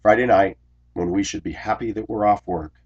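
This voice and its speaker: A man who drives a school bus, telling a workplace grievance story in an indignant, complaining way, clearing his throat often. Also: fairly low pitch, a little fast, dull audio. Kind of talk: ranting personal storytelling vlog.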